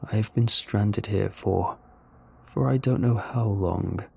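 A man voicing a stranded male alien in a storybook reading, speaking slowly in a low, gravelly voice. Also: a little mellow, exaggerated voice. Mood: pleading. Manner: slow, drawn-out delivery. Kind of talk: storybook narration.

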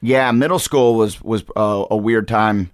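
A man in his thirties, a podcast guest chatting casually and telling lively stories, slipping into character voices. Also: on the low side, unhurried, dry recording, studio quality. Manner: animated storyteller, slips into character voices. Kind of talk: casual chat.

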